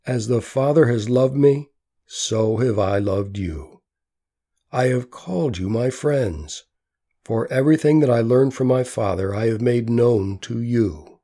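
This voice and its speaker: A man voicing a gentle, solemn male teacher who speaks in a slow, measured way. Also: medium pitch.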